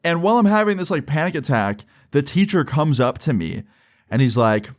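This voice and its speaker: A young man telling a personal story in a casual vlog, animated, with lots of fillers. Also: a little high, brisk. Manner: animated, swearing, fillers like "like" and "right". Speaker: vlogger.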